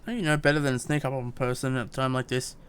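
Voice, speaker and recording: A man's voice: mid-range voice, fairly even intonation, racing, fairly bright tone, clear, resonant tone, close to an everyday voice. A man reading game dialogue aloud as a fussy, long-winded young woman scholar, stumbling over words. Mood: prim.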